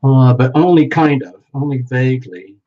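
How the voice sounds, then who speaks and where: A man's voice: medium pitch, moderate pace. A playful man chatting with his live viewers as he paints, narrating each step with frequent exclamations. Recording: dull lo-fi sound.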